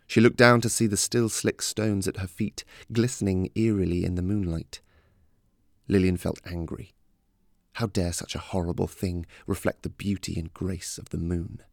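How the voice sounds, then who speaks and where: A man narrating a fantasy story in a steady, measured reading. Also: low-pitched, creaky, dry recording, clean studio sound.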